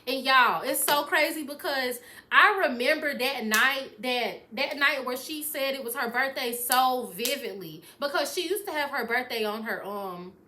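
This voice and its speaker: A young woman vlogger telling a story in casual chat, animated and swearing freely, acting out what people said. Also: high-pitched, measured pace, slight background noise.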